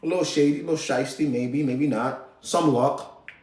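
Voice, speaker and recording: A man's voice: a little high, moderate pace, darkish tone, echoey room. A man hosting a live show, ranting about politics in a heated, slangy, profane way. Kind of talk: casual political rant.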